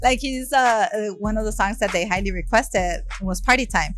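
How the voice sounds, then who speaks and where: Lively Los woman telling a story. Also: mid-range voice, normal speed. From South Central Los Angeles. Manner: lively, acts out quoted dialogue, many "you know" and "like" fillers. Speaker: rapper, interview guest. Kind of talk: casual storytelling in an interview.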